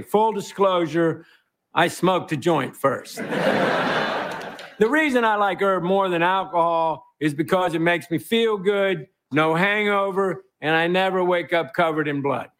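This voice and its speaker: A man with a Texan accent hosting a comedy show, delivering a rambling, deadpan, self-mocking monologue in front of a live studio audience. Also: sits high. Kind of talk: stand-up monologue. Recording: live broadcast with a noisy studio crowd. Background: audience laughter and applause.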